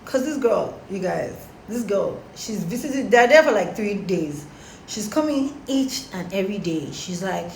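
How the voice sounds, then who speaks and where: A young woman telling a story casually to her followers, animated and slangy. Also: medium pitch, normal speed, vocal fry, a little hiss or hum. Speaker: storytime vlogger. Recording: roomy echo, faint background.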